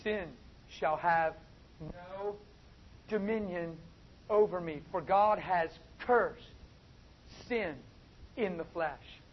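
A man preaching a sermon, swinging from soft asides to loud, drawn-out emphatic phrases. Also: high voice. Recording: dull, lo-fi with faint noise.

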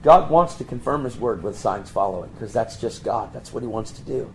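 A man preaching, telling a story and acting out the voices of the people in it with sudden high jumps in pitch. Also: expressive, brisk, slight background noise, poor audio. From Pennsylvania. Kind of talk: storytelling sermon.

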